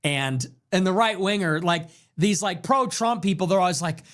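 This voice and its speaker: A man's voice: fairly high pitch, moderate pace. A man hosting a casual political commentary show, talking emphatically and with scorn. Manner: emphatic and scornful, mocking mimicry.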